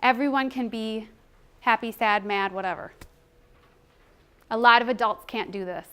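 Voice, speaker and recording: A woman giving a conversational presentation to educators, animated and chatty, sometimes acting out children's voices. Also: a little high, normal speed, clear, resonant tone. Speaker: presenter on child emotional development.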